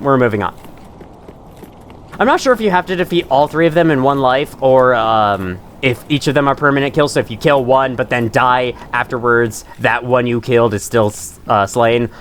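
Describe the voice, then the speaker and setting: A man's voice: mid-range voice, a bit bright, slight background noise. A man hosting a gaming channel, giving rambling, self-mocking let's-play commentary and chuckling to himself as he plays.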